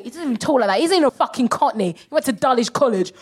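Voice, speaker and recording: A woman, co-hosting a live comedy podcast in an animated, sweary style and slipping into mocking impressions. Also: fairly high pitch, fast talker, few pauses, a faint crowd. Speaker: co-host. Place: live stage before an audience.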